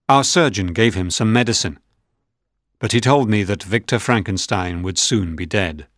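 A man narrating a storybook in a measured, even reading. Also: lowish voice, no echo, studio quality.

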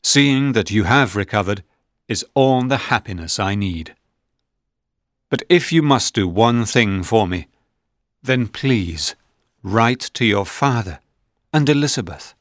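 Male reader doing a loyal young friend, gentle and worried, slow and low, dry audiobook sound. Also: expressive, dry recording. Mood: concerned. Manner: gentle, concerned.

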